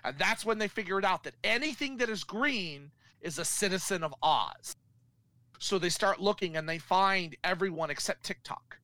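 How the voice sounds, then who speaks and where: A man with a bright, forward voice tells a film's story in lively detail, slipping into the characters as he goes. His voice sits a touch high and sounds dry and close. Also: normal speed, no echo, low-quality recording. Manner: animated storyteller acting out characters. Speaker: podcast co-host. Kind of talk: casual film recap.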